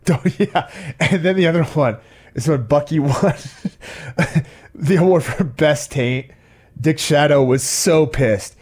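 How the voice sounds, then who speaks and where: A man's voice: on the high side, takes it slowly, a little mellow, slightly rough. A man co-hosting a podcast, talking in a laid-back, chuckling way. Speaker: podcast co-host. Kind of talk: casual chat.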